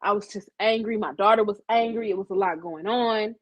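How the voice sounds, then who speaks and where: A woman voicing an older woman who gives a measured courtroom apology, earnest and calm. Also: medium pitch, highs cut off, voice pushed down, lightly acted. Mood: solemn apology.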